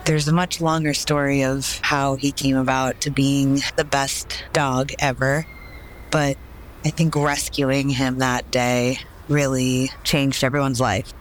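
A man's voice: mid-range voice, level tone, slow pace, slight background noise, low-quality recording. Earnest man telling a story. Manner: earnest, uses "like" as filler. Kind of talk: personal story told on a podcast.

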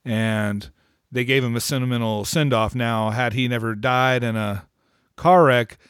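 A man's voice: medium pitch, steady tone, a little slow, a bit bright, clear, resonant tone, no room sound, studio quality. Thoughtful man chatting about a movie. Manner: thoughtful, rambling, trailing off. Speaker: podcast co-host. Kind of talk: casual movie review chat.

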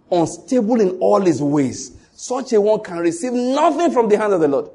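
A man's voice: high voice, sing-song, a little slow, mellow, slightly rough. A man preaching a sermon, emphatic and repetitive, often asking the congregation whether they follow.

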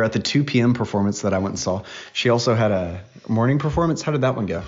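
A man in his thirties hosts a homemade podcast, joking and teasing his kid in relaxed chat. His voice sits fairly low, and the home recording sounds dull and lo-fi. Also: fast talker, hardly any pauses. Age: 30s. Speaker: podcast host and dad. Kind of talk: casual chat with his young daughter.

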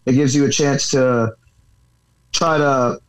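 A man's voice: mid-range voice, fairly even intonation, takes it slowly, rough recording. A man who fights professionally and coaches boxing, telling a story in a casual interview, rambling, swearing freely and leaning on filler words.

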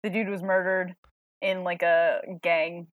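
A woman co-hosting a comic book podcast talks casually in a lower-pitched voice. Her speech rambles and is full of fillers. The sound is dry and close, with no room around it. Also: little pitch movement, unhurried, dry recording, phone-quality sound. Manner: chatty, rambling, many fillers and restarts. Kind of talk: casual chat.

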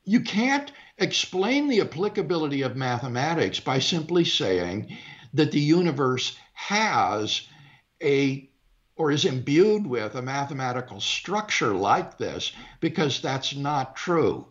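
A man answering as the guest in an interview, explaining his view in a careful, measured, lecturing way. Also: mid-range voice, very animated, lo-fi sound. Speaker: guest philosopher. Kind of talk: interview discussion.

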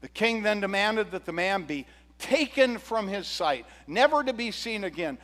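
A male pastor preaching a sermon, retelling a parable with animated, humorous storytelling. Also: high-pitched, moderate pace, long reverb tail.

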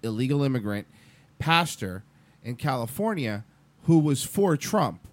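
A man's voice: mid-range voice, very animated, unhurried. A man in a casual talk show discussion, emphatic and stumbling over repeated words when heated.

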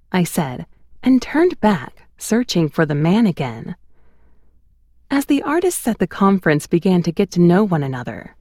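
A woman narrating her memoir in an expressive, storytelling cadence on a close studio mic. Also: mid-range voice, no echo.

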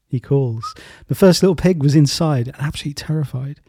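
Casting: male host, easygoing storyteller, husky, mellow, dry. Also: medium pitch, fairly quick, no room sound. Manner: relaxed, rambling with fillers and restarts. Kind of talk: casual storytelling in a talk.

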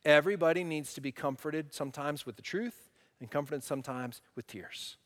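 Higher-voiced male pastor, conversational preacher who swings between loud emphasis and quiet; reverberant church hall. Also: normal speed. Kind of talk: sermon.

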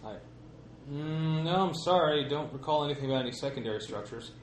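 A man's voice: on the high side, fairly quick. A man playing a character in a tabletop horror game, talking casually and hesitantly. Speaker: player. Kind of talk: casual tabletop role-play. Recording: echoey room, faint hiss.

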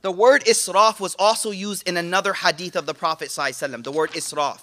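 A man giving a lively religious talk to a congregation, slangy and casual, with frequent restarts and playful asides. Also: high voice, rapid-fire. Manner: animated, playful preaching. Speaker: Islamic teacher.

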